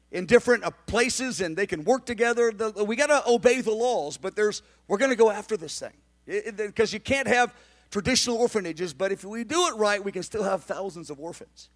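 A man preaching a sermon in an animated, emphatic way, sometimes shouting, with conversational asides and restarts. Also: high-pitched. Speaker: pastor.

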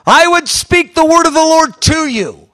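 A man voicing a frail elderly woman who prophesies with slow, solemn authority. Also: very high voice, lively intonation, sharp tone, pitched above the performer's own voice, exaggerated voice.

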